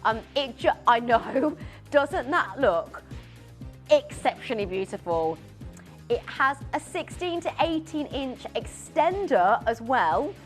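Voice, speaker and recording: Excitable woman selling jewellery on TV. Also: high voice, slow, faint music behind. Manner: excitable, giggly, stumbling over words. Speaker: shopping channel presenter. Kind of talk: live TV sales presenting. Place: TV studio.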